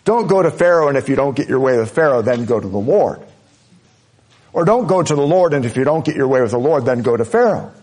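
A man's voice: mid-range voice, expressive, fast, darkish tone. Man preaching an earnest sermon. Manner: earnest, emphatic preaching with repeated phrases. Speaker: pastor.

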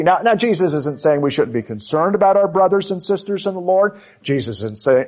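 A man preaches with earnest emphasis and dramatic pauses. His voice sits a little high for a man. He moves slowly, stretching out the words that matter most. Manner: occasional fillers and restarts. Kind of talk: sermon.

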